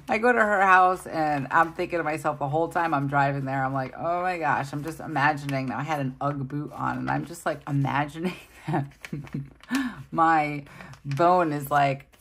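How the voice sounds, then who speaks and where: A woman's voice: low voice, normal speed, long pauses, fairly bright tone, slight background noise. A woman in her thirties vlogging as she plans, chatty and self-deprecating, laughing often as she tells a story. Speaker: planner vlogger. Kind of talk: casual storytelling while planning.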